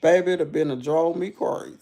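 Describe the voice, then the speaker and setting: A woman hosting a live stream, telling a story casually and repetitively with folksy endearments, dropping low and quiet and then jumping high and loud as she retells it. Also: fairly quick. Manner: repetitive, rambling, folksy endearments like baby and honey; swings from low and subdued to loud high bursts when retelling.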